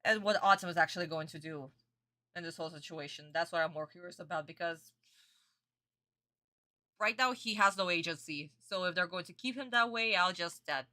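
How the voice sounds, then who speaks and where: A woman's voice: lowish voice, brisk, sharp tone. A woman streaming a reaction to a cartoon episode, chatting with her viewers and calling them darling. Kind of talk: casual reaction commentary.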